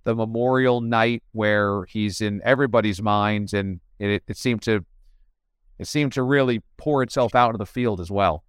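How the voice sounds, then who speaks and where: A man's voice: on the low side, normal speed, clean tone, dry recording, studio quality. A man interviewing a guest with long, earnest, wordy questions.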